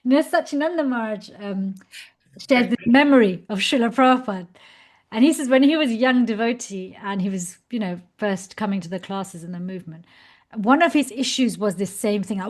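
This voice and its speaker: A woman giving a devotional class over a video call, telling a story with animated, laughing delivery. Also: medium pitch, a little fast.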